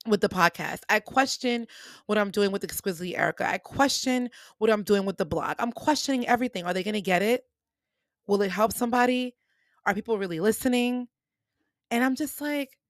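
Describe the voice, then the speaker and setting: A young woman podcast host telling a personal story, animated and acting out the people she quotes, talking straight to her listeners. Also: medium pitch, no echo, studio quality. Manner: animated, acts out quoted voices, addresses listeners as y'all.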